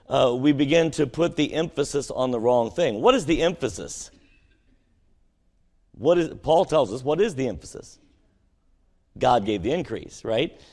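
A man preaching a sermon to his congregation, asking them questions and swinging between emphatic peaks and quiet conversational asides. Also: mid-range voice. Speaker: pastor. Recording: long hall reverb.

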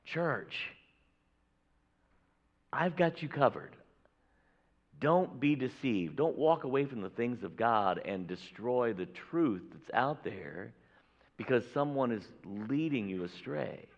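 A man's voice: mid-range voice, lively intonation, slow, pauses often. Guy preaching a sermon in church, lots of emphasis, kinda dull lo-fi sound. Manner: emphatic preaching, acting out Bible dialogue. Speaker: pastor. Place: church sanctuary. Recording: echoey hall, dull lo-fi audio.

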